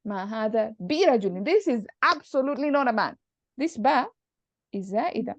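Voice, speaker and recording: Woman teacher, higher voice, patient step-by-step explainer; lo-fi dry capture. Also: expressive, moderate pace, no room sound. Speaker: Arabic grammar teacher. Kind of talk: online class explanation. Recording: dull, dry lo-fi recording.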